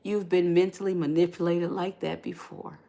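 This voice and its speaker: A woman's voice: on the low side, little pitch movement, normal speed, vocal fry, mellow. A woman hosting a live relationship-advice stream who talks to her viewers, reads their comments aloud, and speaks in a preacher-like way. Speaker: podcast host and life coach.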